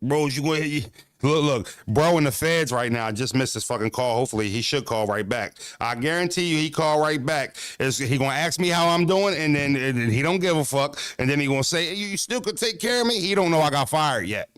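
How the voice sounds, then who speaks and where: A man's voice: fairly high pitch, a little fast, fairly bright tone, clear, resonant tone, no echo, clean studio sound. Profane, rambling joking man. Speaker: vlogger. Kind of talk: casual comedic monologue.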